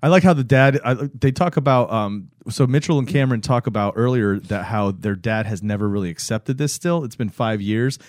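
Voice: medium pitch, brisk, hardly any pauses, a little mellow, no echo, studio quality. A laid-back speaker in casual chat about a TV show, often tacking on "dude.".

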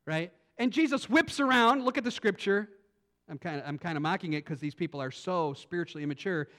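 A male pastor preaching a sermon, animated, swinging from quiet thinking-aloud asides to loud emphatic lines. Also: high voice, fairly quick. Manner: repeats words and restarts as he thinks aloud.

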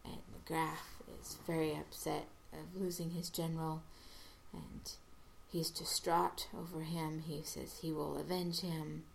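A woman casually recapping a TV episode, halting with restarts and briefly acting out the characters' lines. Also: low-pitched, flat delivery, gravelly, slight background noise.

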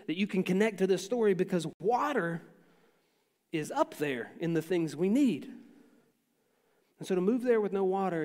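Male pastor, high voice, chatty sermon delivery, lingering hall echo. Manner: conversational preaching, acts out quotes.

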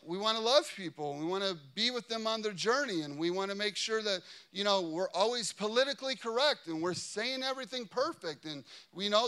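A man's voice: high voice, pushed and bright. A man in his thirties preaching a sermon in a large church, telling stories with jokey asides and lots of "you know what I mean.". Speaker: pastor. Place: large church before a congregation.

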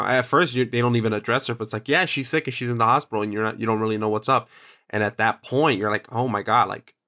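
A man's voice: medium pitch, fairly bright tone. A man co-hosting a casual movie podcast, talking reflectively with restarts. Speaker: podcast co-host.

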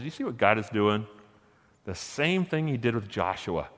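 A man preaching a sermon, retelling a story in a lively, conversational way with chuckling asides. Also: fairly low pitch, normal speed. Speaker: pastor. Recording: echoey hall.

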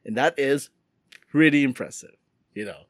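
Speaking at a normal pace in a mid-range voice, a man co-hosts a podcast, his relaxed conversation wandering with frequent restarts and fillers. The sound is studio quality, free of echo.

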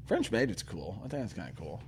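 A man's voice: low voice, sing-song, fast, a little hiss or hum. A man co-hosting a morning show in casual chat, teasing his partner and laughing often. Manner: teasing, giggly banter.

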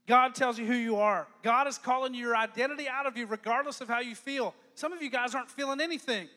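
A man preaching a lively youth sermon as pastor, joking and acting out quoted lines in changing voices. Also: very high-pitched, in a large hall.

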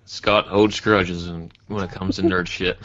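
A man's voice: deep voice, level tone, measured pace, a bit bright. A man with a US East Coast accent co-hosting a podcast, making dry quips in casual chat. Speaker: podcast co-host. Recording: dull, lo-fi sound.

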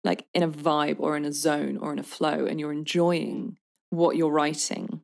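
A woman in her thirties, a songwriter guest on an interview podcast, talks in a somewhat low voice. She tells stories with energy and slips into acted-out quotes in quick bursts. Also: gravelly. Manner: animated storyteller, acts out quotes with quick bursts.

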